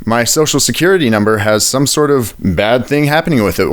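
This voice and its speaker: A man's voice: mid-range voice, animated, brisk, hardly any pauses. A man voice actor talking on a podcast as a guest in an easygoing, joking way. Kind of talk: casual podcast chat.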